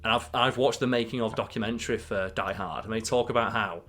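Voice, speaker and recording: A man's voice: fairly low pitch, fairly even intonation, quick pace, a bit bright, soft background music. A man co-hosting a podcast, chatting casually about films in a blunt, opinionated and sweary way. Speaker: podcast co-host. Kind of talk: casual film chat.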